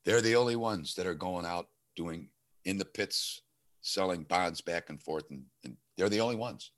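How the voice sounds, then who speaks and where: A man's voice: deep voice, normal speed. A man telling a story in casual chat, acting out the lines of the people in it. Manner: animated storytelling, acting out quoted dialogue.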